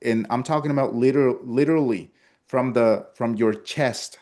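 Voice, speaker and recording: A man whose first language is Spanish is teaching a class on sales calls. He talks at a middling pitch and now and then slips into upbeat sample lines for a customer. He often stops and restarts his sentences. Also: moderate pace, a little mellow. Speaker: sales trainer. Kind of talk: instructional talk with role-played sales lines.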